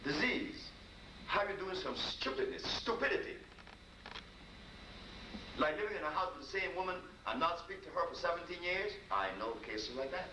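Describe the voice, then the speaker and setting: A man who tells a story with an animated, swinging voice, talking to a live crowd. He is heard from a distance in a roomy space. A steady hiss of noise sits under him. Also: high-pitched, moderate pace. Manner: animated, conversational storytelling with asides to listeners. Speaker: healer. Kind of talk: storytelling talk to a live audience.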